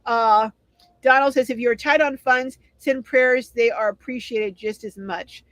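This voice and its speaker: A woman's voice: on the high side, steady tone, a little slow, a bit bright, a little hiss or hum, poor audio. A middle-aged woman hosting a casual livestream, reading viewer comments aloud and answering them in a chatty way. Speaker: live stream host.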